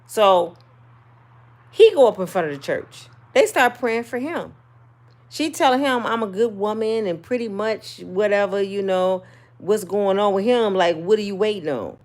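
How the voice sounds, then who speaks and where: A middle-aged woman, telling viewers a personal story in a casual, sassy, animated way. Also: medium pitch, moderate pace. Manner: animated, sassy, swings between loud and soft. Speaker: channel host.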